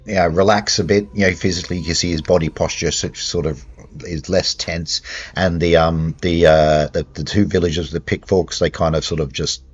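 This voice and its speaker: A man with a very deep, husky voice narrates a horror role-playing game. He halts often and restarts his sentences. The recording is dull and lo-fi, with faint music behind him. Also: steady tone. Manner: halting, full of fillers and restarts. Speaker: game master.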